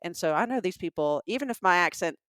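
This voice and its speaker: A woman's voice: fairly low pitch, animated, quick pace, fairly bright tone, dry recording, clean studio sound. Chatty Southern woman co-hosting a podcast. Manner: chatty storyteller, trails off with ums. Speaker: podcast co-host. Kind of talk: casual comedic chat.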